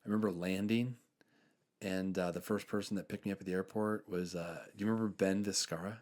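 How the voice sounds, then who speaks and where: A young man hosting a podcast, telling faith stories in earnest, casual chat with many fillers and soft trailing endings. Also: deep voice, fairly even intonation, fairly quick. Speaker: podcast host.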